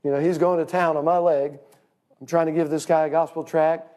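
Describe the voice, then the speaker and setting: Man preaching, fairly high voice, folksy, emphatic, sermon-style teaching. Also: flat delivery, fairly quick, warm tone. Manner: folksy, emphatic, addresses listeners as friend.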